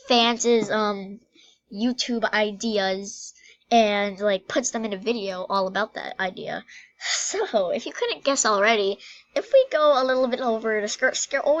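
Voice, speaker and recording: A young woman chatting in a casual, excited vlog, giggling and rambling as she talks about a game. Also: a little high, lo-fi sound. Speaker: gaming vlogger.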